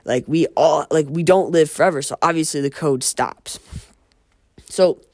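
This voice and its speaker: A man's voice: fairly high pitch, moderate pace, a little mellow, no room sound. A man hosting a casual monologue, rambling and profane, often interrupting himself. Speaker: podcast host.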